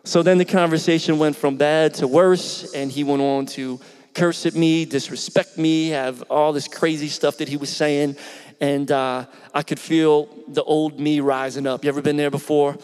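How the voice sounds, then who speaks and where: A middle-aged pastor from Philadelphia preaches a storytelling sermon with a voice pitched a bit higher than most men's. He talks in an animated, conversational way and asks the congregation questions as he goes. The sound rings out with a long reverb. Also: moderate pace, clean tone.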